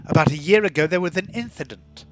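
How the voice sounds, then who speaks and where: A man voicing a formal, pompous woman scholar in her thirties who speaks with measured precision. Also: on the high side, fairly bright tone, faint music behind, close to an everyday voice. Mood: prim.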